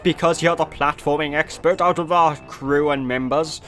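A man's voice: on the high side, steady tone, normal speed, fairly bright tone, faint music behind, natural voice. A Welsh man playing a weary, matter-of-fact boss who gives orders to a worker. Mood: bossy. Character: weary male work boss giving orders.

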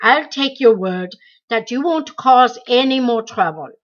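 A woman voicing a harsh, impatient male interrogator who barks loud commands. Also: a little high, lively intonation, unhurried, muffled recording. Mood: falsely friendly.

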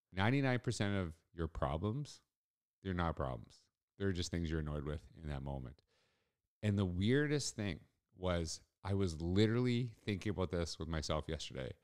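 A man's voice: deep voice, darkish tone. A middle-aged man hosting a solo podcast, telling a story in an earnest, reflective way. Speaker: podcast host.

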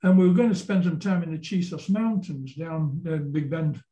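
A man's voice: on the high side, moderate pace, dark tone, echoey room, muffled recording, a little hiss or hum. A man in his seventies with a Yorkshire accent, a folk singer being interviewed, telling rambling anecdotes and often repeating words as he goes. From Yorkshire, England. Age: 70s. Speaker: guest folk singer-songwriter. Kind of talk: casual interview storytelling.

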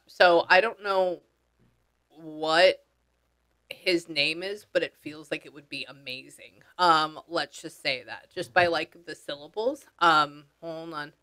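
A woman's voice: sits low, slow, bright, forceful tone, clear, resonant tone. A woman working as a psychic medium, talking casually with clients and relaying what she hears in a chatty way, with slang and the odd swear word. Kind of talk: casual session talk.

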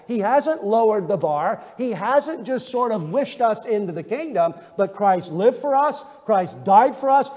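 A male pastor delivers an earnest expository sermon, pressing his points home with emphatic restatements. His voice sits high for a man. The sound rings with the long reverb of a church sanctuary. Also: a little mellow. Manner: earnest preaching with emphatic restatements and scripture readings.

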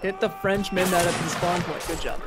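A man's voice: high voice, fairly even intonation, normal speed, over music. A young man joking around with a friend while they play a multiplayer game, often stammering and trailing off. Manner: jokey, stammers and trails off, laughs at mishaps. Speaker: gamer teammate. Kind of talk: casual gaming chat.

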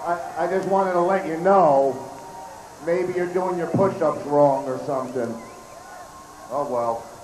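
A hoarse male comedian emceeing an outdoor festival stage, joking brashly and swearing at the crowd. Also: on the high side, a little slow, pauses often. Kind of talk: stage banter. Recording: echoey outdoor PA sound.

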